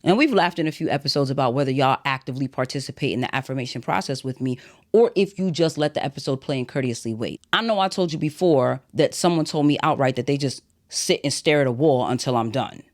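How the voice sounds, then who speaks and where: A man's voice: mid-range voice, fast talker. A man hosting a solo podcast, talking bluntly and directly in a motivational, sermon-like way. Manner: blunt, direct, self-described as not a soft speaker. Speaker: podcast host.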